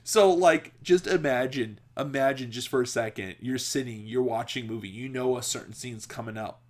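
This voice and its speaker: A male podcast host rambles through a story at normal speed, laughing often, restarting sentences and leaning on filler words. His voice is mid-range with a somewhat dark tone.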